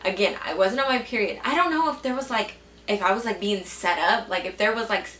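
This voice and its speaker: A young woman vlogger tells stories casually to the camera, chatty and swearing a lot, constantly saying "like." Her mid-range voice is a bit bright, caught off-mic in an echoey room with a little hiss or hum.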